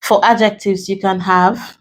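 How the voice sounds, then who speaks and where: A woman with a Nigerian English accent tutoring an exam-prep lesson, slow and deliberate, repeating key points as she writes on a board. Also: mid-range voice, steady tone, rough recording.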